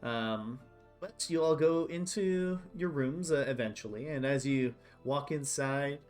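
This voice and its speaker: A man's voice: mid-range voice, measured pace, faint music behind. Casual man narrating as game master. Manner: casual, filler-heavy descriptive narration.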